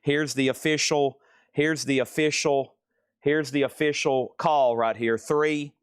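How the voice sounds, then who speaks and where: An energetic man hosts a live record sale from a room stacked with crates, calling out bids and prices in a quick, running patter. His voice sits at an ordinary middle pitch and sounds close and dry, with almost no room echo. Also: clear, resonant tone. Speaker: host selling records in a live online sale. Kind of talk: live sales stream patter.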